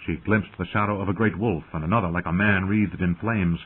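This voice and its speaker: A man reading a fantasy audiobook in a dramatic, lively narrating style over tinny phone-like audio. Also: deep voice, fairly quick, husky.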